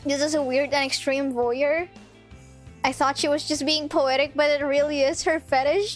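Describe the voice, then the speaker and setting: A woman's voice: sits high, moderate pace, faint music behind. A young woman streamer reading a visual novel aloud, breaking off into giggly, playful asides.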